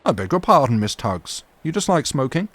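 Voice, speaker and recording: A man voicing a blustering, pompous army captain in a storybook reading, raising his pitch well above his own voice and bellowing. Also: very animated, brisk, a bit bright, no room sound.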